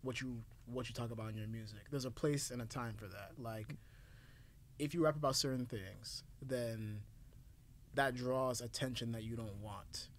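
A man co-hosting a casual podcast, telling stories and making points in a measured way. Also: mid-range voice, fairly even intonation, a little hiss or hum. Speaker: podcast co-host. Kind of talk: casual discussion.

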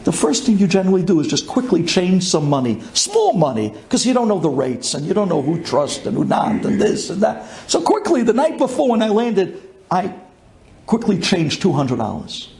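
A man from Brooklyn, telling a personal story with excitement, dropping low and then bursting into shouts. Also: moderate pace, creaky. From Brooklyn, USA. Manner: excitable, swings from hushed to shouting.

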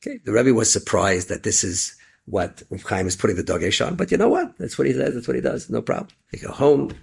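A man telling an inspirational story in animated storytelling, sprinkling Yiddish and Hebrew words. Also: mid-range voice, a little fast, creaky, breathy edge.

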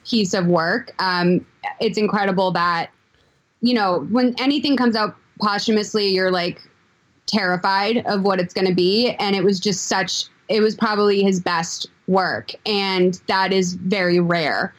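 A woman's voice: medium pitch, a little slow. A woman chatting as a podcast guest. She talks hesitantly, with many fillers and frequent "like". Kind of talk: casual chat.

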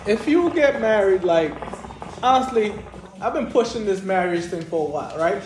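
A man's voice: high voice, animated, normal speed, reverberant. A man co-hosting a casual podcast chat, blunt and crude, telling stories with laughter.

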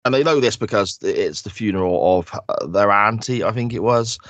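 A man's voice: fairly low pitch, moderate pace, a bit bright, dry recording. A man co-hosting a casual podcast, recapping loosely with tag questions and fillers. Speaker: podcast co-host. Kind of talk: casual chat.

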